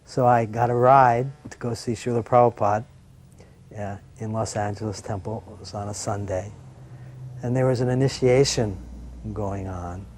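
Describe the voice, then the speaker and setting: A man calmly recalling his first meeting as a devotee, in a reflective way, his voice often dropping softer. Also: fairly low pitch, normal speed, a little hiss or hum. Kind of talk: personal recollection.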